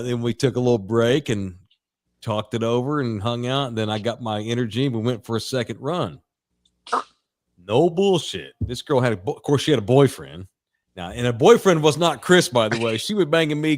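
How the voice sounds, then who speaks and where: A man's voice: medium pitch, moderate pace. A middle-aged man, a podcast co-host, telling a raunchy story in casual chat with lots of laughs.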